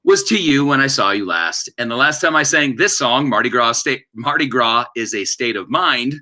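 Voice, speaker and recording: A man's voice: medium pitch, expressive, normal speed, bright, forceful tone. A man co-hosting a casual live-stream chat, tossing in playful, jokey remarks. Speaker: singer-songwriter co-host. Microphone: video call.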